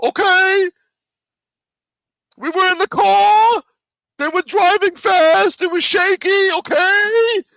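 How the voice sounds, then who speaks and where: A man putting on a squeaky, defensive voice to mock an indignant, flustered man who is making excuses. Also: vocal fry, pushed and bright, dry recording, studio quality, heavily acted. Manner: squeaky, defensive, slow exaggerated delivery.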